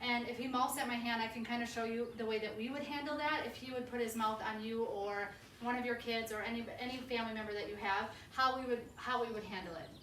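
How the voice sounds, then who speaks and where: A woman's voice: fairly high pitch, fast, hardly any pauses, slight background noise. Echoey, firm woman dog trainer. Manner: explains step by step, with sharp, firm commands to the dog. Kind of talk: hands-on training demonstration. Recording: echoey room with faint ambience.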